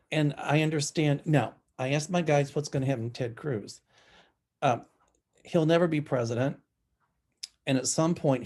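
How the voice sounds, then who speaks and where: A man's voice: on the high side, a little mellow. A man from the South with a Southern American accent, a psychic talking through his predictions in a casual, opinionated monologue, chatty and scornful with many ums. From Southern United States.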